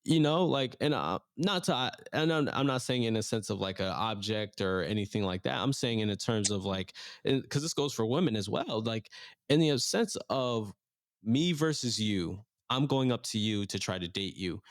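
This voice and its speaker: A man's voice: fairly low pitch, animated, normal speed, no echo, clean studio sound. Laid-back man on a podcast. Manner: laid-back, earnest, slangy. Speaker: podcast co-host. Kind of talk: casual podcast chat.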